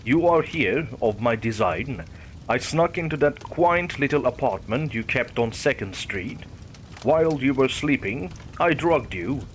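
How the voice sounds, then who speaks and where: A man's voice: mid-range voice, animated, measured pace, slight background noise, close to an everyday voice. A man voicing a cheerful, teasing male kidnapper who buries people alive, talking in a careless, matter-of-fact way. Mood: gleeful.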